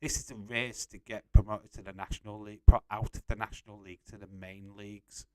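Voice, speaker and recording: A man's voice: fairly low pitch, little pitch movement, a little fast, darkish tone, dry recording. A young man casually hosting a live stream, reading out and answering chat messages and laughing often.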